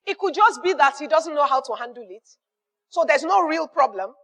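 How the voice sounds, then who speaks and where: A high-pitched woman with a Nigerian accent lectures on running an honest business. She hammers her points home, repeating phrases for weight and slipping into short acted-out exchanges with customers. Her voice carries a long reverb, as in a hall. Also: animated, brisk, a bit bright. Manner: emphatic, repeats key phrases, acts out little dialogues. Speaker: business mentor. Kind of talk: motivational business advice talk.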